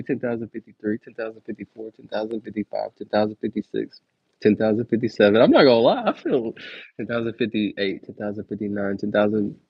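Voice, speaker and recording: A man's voice: on the low side, breathy edge, dry recording. A young man on a casual livestream counting numbers aloud, laid-back and slangy, chatting to viewers between numbers. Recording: dull lo-fi dry stream audio.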